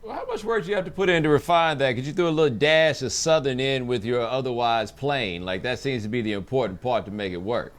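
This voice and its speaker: A man's voice: medium pitch, fast, hardly any pauses. Casting: laid-back male co-host, teasing, mid-range voice. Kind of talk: TV talk show interview.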